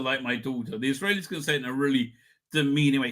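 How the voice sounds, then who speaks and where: Reading viewer comments on his casual livestream, this middle-aged host speaks fast in a slightly high, sharp voice. His talk is rambling and irreverent, full of fillers and restarts.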